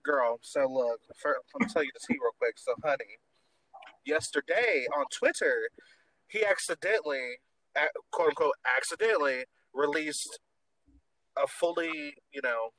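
A man's voice: medium pitch, unhurried, fairly bright tone, no room sound, poor audio. A man hosting a podcast in casual chat, campy and gossipy, swearing freely. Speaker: podcast host.

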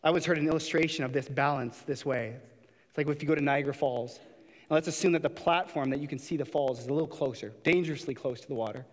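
A man's voice: a little high, fast, in a large hall. A man preaching a sermon in a church, impassioned, sometimes putting on mocking voices to make a point. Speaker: pastor.

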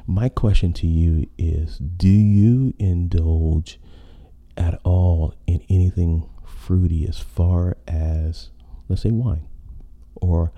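A man's voice: sits low, fairly even intonation, slow pace, lo-fi sound. A man hosting a podcast, talking in a rambling casual monologue full of fillers and restarts. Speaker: podcast host.

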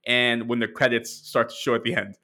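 A man's voice: medium pitch, completely flat delivery, fairly quick, pushed and bright. A man co-hosting a podcast in casual chat, rambling with lots of "like" and dry sarcasm. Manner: rambling, sarcastic, many fillers. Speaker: podcast co-host.

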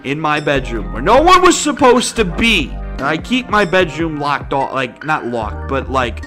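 A man's voice: on the high side, big pitch swings, unhurried, a bit bright, faint music behind. A young man telling a rambling, profane story on a casual podcast, sounding exasperated. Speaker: podcast host.

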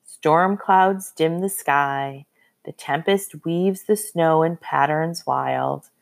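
A woman voicing a slow, hesitant young boy reciting. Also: sits low, steady tone. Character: frightened seven-year-old boy reading a poem.

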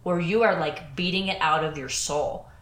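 A young woman with a low voice talks candidly through a personal story, chatty and full of fillers. Her voice carries a noticeable roomy echo. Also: moderate pace, a bit bright. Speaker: podcast co-host. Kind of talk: casual storytelling chat.

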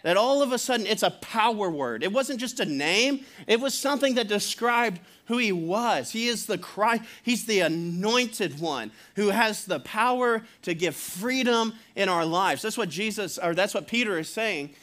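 A man's voice: high-pitched, animated, moderate pace, hardly any pauses, a bit bright. A man preaching a sermon as pastor in a conversational way, chuckling often and acting out quotes.

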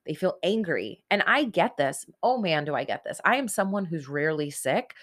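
A woman's voice: deep voice, big pitch swings, moderate pace. A woman in her forties giving an earnest, conversational motivational talk on self-help, speaking straight to her listeners. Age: 40s.

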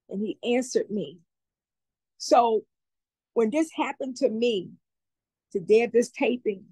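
High-voiced, heartfelt woman. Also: darkish tone, no echo, low-quality recording. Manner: earnest, heartfelt, repeats herself. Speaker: community advocate guest. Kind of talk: emotional testimony in an interview.

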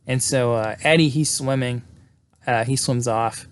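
A man's voice: medium pitch, unhurried. A man casually recapping a horror movie's plot, rambling with lots of fillers and acting out the characters' lines. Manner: rambling, many fillers, acts out quotes. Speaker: movie reviewer.

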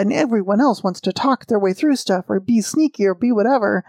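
A woman's voice: medium pitch, moderate pace, mellow, dry recording. A woman talking in a casual podcast discussion, chatty and self-deprecating.

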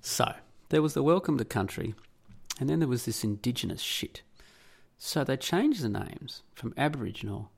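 A man's voice: mid-range voice, sing-song, normal speed, gravelly, slightly rough. An Australian man hosting a podcast, delivering an indignant, sarcastic and profane solo rant. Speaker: podcast host. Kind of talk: solo ranting monologue.

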